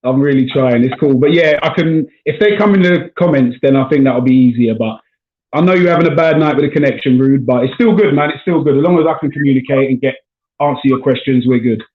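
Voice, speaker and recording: A man's voice: medium pitch, quick pace. A man from South London with a South London accent, a stand-up comedian chatting casually on a video call. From South London, England. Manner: relaxed, chatty, says man and bro often. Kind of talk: casual chat. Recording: echoey, tinny call audio.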